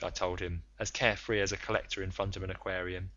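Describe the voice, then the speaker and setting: A man's voice: low voice, little pitch movement, quick pace, pushed and bright, dry recording, highs cut off. A man reading a first-person adventure novel aloud, telling it in an earnest, dramatic way. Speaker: audiobook narrator. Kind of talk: first-person audiobook narration.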